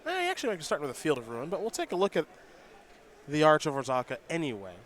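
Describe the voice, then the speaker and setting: A man giving live play-by-play commentary on a card game tournament, brisk and joking, now and then tripping over card names. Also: fairly high pitch, wildly swooping pitch, fairly bright tone.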